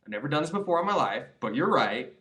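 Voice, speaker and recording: A man's voice: a little high, very animated, very fast, a bit bright. A young man in his twenties giving rambling, earnest advice to his viewers in a casual vlog, full of restarts and "you know"s. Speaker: vlogger. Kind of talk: casual advice monologue to camera.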